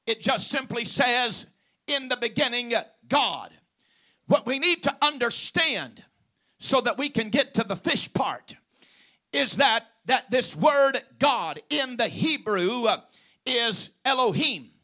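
A man's voice: extremely high pitch, lively intonation, slow, bright, forceful tone. A man preaching a sermon, stressing key words by drawing them out and punctuating his points with praise and amens.

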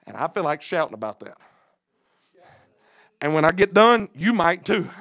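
A man's voice: fairly high pitch, sing-song, moderate pace, a bit bright, no echo. A man preaching a sermon in an impassioned cadence punctuated by "uh", with folksy, plain-spoken asides.

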